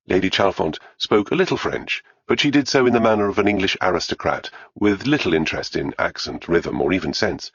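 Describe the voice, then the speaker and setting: A man narrating an audiobook in a measured, unhurried way. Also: low-pitched, fairly bright tone, breathy edge, no room sound, muffled recording.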